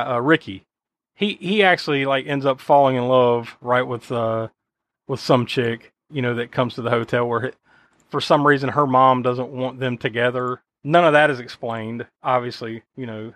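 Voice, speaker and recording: A man hosts a casual film podcast, rambling through his points with plenty of fillers and swearing. His voice sits in a middle pitch and is recorded close and dry, with no room sound. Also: a bit bright, dry recording. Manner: rambling, profane, with frequent fillers. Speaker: podcast host.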